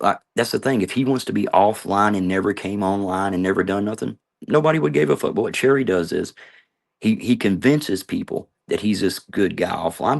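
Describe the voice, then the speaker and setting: A man's voice: deep voice, gravelly. A middle-aged man ranting heatedly at people he names, confrontational and swearing often, in a video monologue. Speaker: vlogger.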